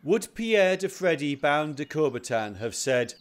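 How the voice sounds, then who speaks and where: A man's voice: a little high, sing-song, a little slow, hardly any pauses. A man giving a whimsical, declamatory scripted narration. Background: music.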